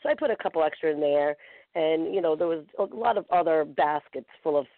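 A woman's voice: low voice, brisk, dry recording. Chatty woman host on a phone line. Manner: chatty storyteller, many fillers. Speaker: talk show host. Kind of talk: casual chat.

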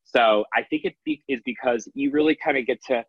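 A man's voice: medium pitch, brisk, husky, no room sound, lo-fi sound. A man in his thirties, an author and coach, talking in a loose, rambling way with many restarts. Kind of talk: casual interview talk.

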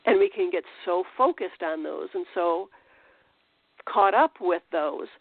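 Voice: medium pitch, expressive, unhurried, creaky, slightly rough, dry recording. A Christian teacher giving an informal spiritual talk, conversational, with restarts and rhetorical questions. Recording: tinny phone-like dry sound.

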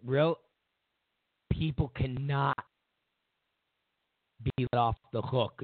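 Gravelly man ranting, tinny sound. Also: medium pitch, very slow, pauses often, no room sound. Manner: loud, mocking, animated rant with put-on quoted voices. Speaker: host of a political commentary show. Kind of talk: ranting political commentary.

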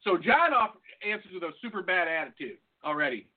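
A high-voiced man tells a profane story in casual chat and acts out both sides of a phone call. The sound is thin and tinny, like a phone line. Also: very animated, fairly quick. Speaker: podcast co-host.

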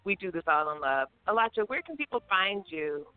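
A woman's voice: on the low side, big pitch swings, brisk. An enthusiastic woman hosts a radio chat with a bubbly delivery. Her voice comes through a narrow, phone-like line, and the sound is dry and close with no room echo. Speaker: radio host. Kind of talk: casual radio interview.

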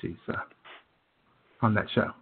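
A man co-hosting a radio talk show, telling stories casually with many fillers. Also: measured pace. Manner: rambling storyteller with many fillers. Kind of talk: casual chat. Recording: tinny phone-like sound.

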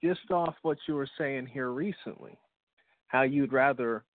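A man's voice: mid-range voice, a little slow. A man calling in to a phone sermon, polite and tentative, working his comment out as he talks. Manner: polite, tentative, thinking aloud. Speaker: caller. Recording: dry, tinny phone line.

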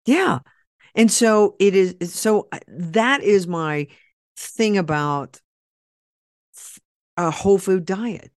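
A man's voice: high-pitched, takes it slowly, long pauses, no room sound, studio quality. Blunt folksy man from Oklahoma. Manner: blunt and folksy, rambling with restarts. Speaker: podcast host. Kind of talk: casual chat with a guest, then a sponsor plug.

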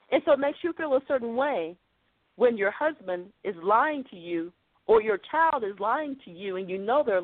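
Woman preacher, fairly high voice, earnest conversational sermon, dry tinny phone-line sound. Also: dry recording. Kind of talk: podcast sermon.

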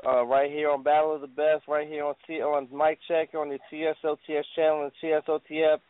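A man's voice: fairly high pitch, level tone, brisk, smooth, no room sound. A man hosting an online radio talk show, chatting casually and loosely with lots of slang and fillers. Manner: laid-back, slangy, rambling with fillers. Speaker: podcast host. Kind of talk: casual internet radio chat. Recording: tinny phone-like line.

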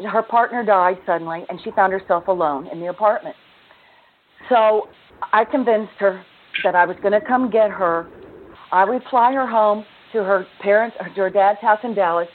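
A woman author and self-love teacher, a guest telling her story in earnest, with the odd laugh. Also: mid-range voice. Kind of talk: conversational interview storytelling. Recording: narrow phone-line sound.

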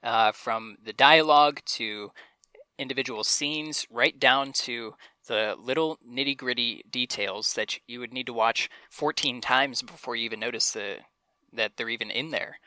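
A man's voice: mid-range voice, measured pace, bright, forceful tone, smooth, dry recording. A man co-hosting a podcast, chatting enthusiastically and reading out quotes with playful voices. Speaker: podcast co-host. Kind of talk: casual chat.

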